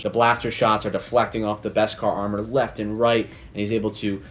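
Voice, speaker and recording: A man giving a casual, enthusiastic spoiler review, chatty and full of "basically" and "like". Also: lowish voice. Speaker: video reviewer.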